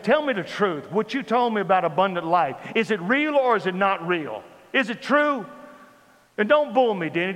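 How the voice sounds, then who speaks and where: Older male pastor, animated and echoing. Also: high-pitched. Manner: animated storyteller, acting out dialogue, swings from loud to hushed. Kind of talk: sermon testimony. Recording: long hall reverb.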